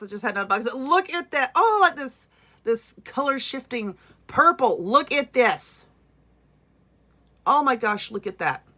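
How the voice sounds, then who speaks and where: In her casual vlog, a Southern-accented crafting vlogger chats excitedly while unboxing crafting goods. Her voice is fairly high with a sharp tone, and she's full of gushing exclamations.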